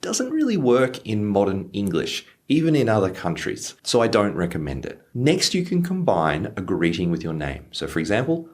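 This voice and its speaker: A man's voice: on the low side, wildly swooping pitch, normal speed, hardly any pauses. A man teaching an English lesson in an upbeat, scripted way over faint background music.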